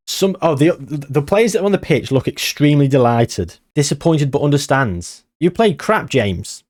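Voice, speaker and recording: A man giving excitable, nervous live commentary on a game he is playing. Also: mid-range voice. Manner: excitable, nervous, reacting loudly to match moments. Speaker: gaming channel host.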